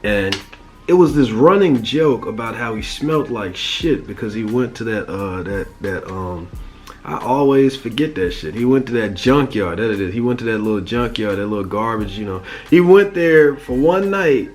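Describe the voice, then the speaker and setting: A man's voice: lowish voice, lively intonation, moderate pace, a little mellow, soft background music. A man casually recapping a cartoon episode as a reviewer, rambling in profane slang. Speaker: show reviewer.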